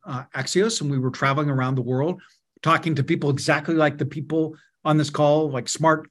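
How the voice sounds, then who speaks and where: Emphatic man on a video call. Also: a little high. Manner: energetic, emphatic, repeats key words in lists. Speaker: guest, media co-founder and author. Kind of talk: webinar interview, explaining and telling anecdotes.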